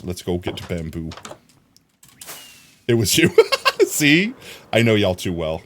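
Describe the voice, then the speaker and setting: A man's voice: low-pitched, wildly swooping pitch, slow pace, pauses often, a bit bright, slight background noise. A man streaming a video game, rambling to himself and his chat with frequent laughter. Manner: rambling, self-talking, laughs often; chatting to viewers. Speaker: livestreamer. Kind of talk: casual gameplay commentary.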